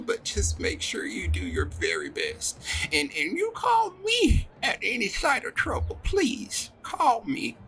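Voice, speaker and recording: A man's voice: high-pitched, bright, forceful tone, pitched above the performer's own voice, full character voice. A man voicing a doting, tearful motherly woman in a tabletop game, pleading and emotional. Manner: pleading, emotional, sobbing outbursts. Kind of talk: tabletop role-play character voice.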